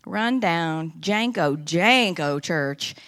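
At church, a middle-aged woman shares her personal testimony earnestly and with animation. Her voice is on the low side and she speaks very slowly.

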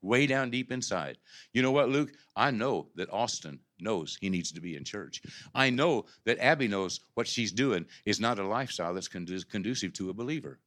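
As pastor of his church, a man preaches in the sanctuary, moving from low, conversational speech to loud, impassioned climaxes marked by stammered restarts. His delivery is expressive and at normal speed.

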